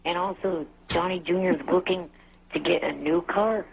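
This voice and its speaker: A man calling in to a talk show who haltingly complains about his grievance. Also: high voice, steady tone, vocal fry, slightly rough. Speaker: caller, show regular. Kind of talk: phone call on a talk show. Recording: muffled phone line.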